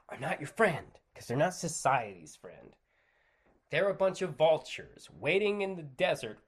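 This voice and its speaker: A man rants alone into his podcast microphone, sarcastic and swearing freely. His pitch swings widely as he jokes and argues. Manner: sarcastic, profane, animated. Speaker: podcast host. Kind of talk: solo opinion rant.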